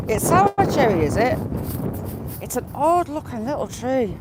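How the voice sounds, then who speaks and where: Heavy background noise surrounds a very animated woman whose voice is a little high and a little slow. She streams live on a phone on a gimbal with a headphone wire as she walks fields and hedgerows, casually naming viewers and cooing at animals.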